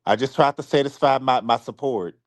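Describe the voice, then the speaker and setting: On a live stream, a man apologizes to his supporters, close to tears. He speaks haltingly, often repeating himself or restarting sentences, in a medium-pitched voice with no echo.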